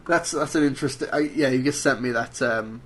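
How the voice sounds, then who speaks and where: A man's voice: medium pitch, fairly quick, fairly bright tone. A man from England co-hosting a podcast over a call, dry and teasing as he reads out listener questions. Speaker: podcast co-host. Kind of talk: casual podcast chat. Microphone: remote call.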